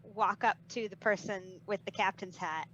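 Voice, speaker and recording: A woman's voice: mid-range voice, moderate pace, fairly bright tone, lo-fi sound, a little hiss or hum. A woman player in a tabletop game, hesitant at first, then indignant as her character.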